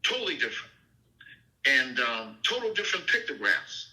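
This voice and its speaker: Male minister, informal Bible teaching, emphatic and repetitive, bright tone. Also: medium pitch, very animated, moderate pace, rough recording. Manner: emphatic, repeats "okay?" and "you see?".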